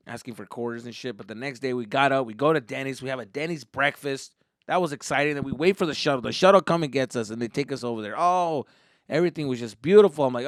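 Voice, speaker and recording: A young man telling a comic story as a podcast host, profane and animated, jumping into voices. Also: mid-range voice, quick pace, dry recording, studio quality.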